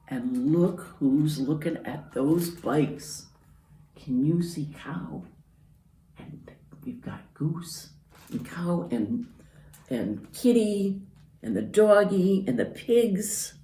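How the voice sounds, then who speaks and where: A woman's voice: on the low side, very animated, extremely slow, warm tone. A woman librarian reading a picture book aloud to children, pointing out the pictures as she goes. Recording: roomy, from far off.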